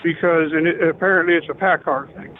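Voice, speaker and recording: A man's voice: fairly high pitch, fairly even intonation, a little fast. A man calling in to a talk show with a truck question, plain-spoken and curious. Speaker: caller. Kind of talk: phone-in question. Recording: phone-like narrow sound.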